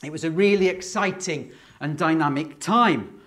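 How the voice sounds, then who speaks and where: Middle-aged guy lecturing a hall full of kids, bit high-pitched, lots of ums and restarts. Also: moderate pace, fairly bright tone. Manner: chatty, with many fillers and restarts. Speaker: university lecturer. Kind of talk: children's public lecture. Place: lecture hall with a live audience.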